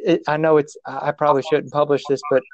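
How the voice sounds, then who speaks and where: Man, slightly high voice, rambling casual storytelling, self-mocking, dry close sound. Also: level tone, fast talker, a little mellow, no room sound, muffled recording. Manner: rambling, self-mocking, restarts often, laughs at himself.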